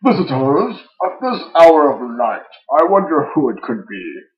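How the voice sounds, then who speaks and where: A man voicing a sly villain stallion in a fan-fiction reading, loud, hammy and theatrical, on a dull lo-fi home mic. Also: on the high side, very animated, unhurried, reverberant, voice pushed up. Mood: mock innocent.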